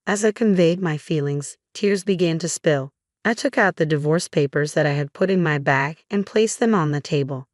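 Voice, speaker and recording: A woman narrating a scripted first-person drama in an even, measured way. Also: low voice, no echo, studio quality.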